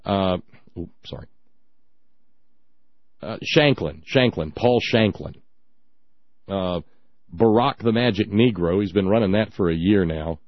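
A man's voice: low-pitched, unhurried, long pauses, no echo, highs cut off. A man hosting a talk radio show, ranting with indignant sarcasm.

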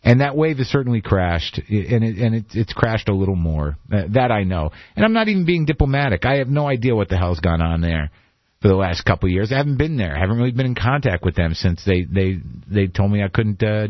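A man's voice: on the low side, lively intonation, fast, no echo. A man hosting a call-in radio talk show, rambling and self-deprecating in a conversational way. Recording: dull lo-fi radio broadcast.

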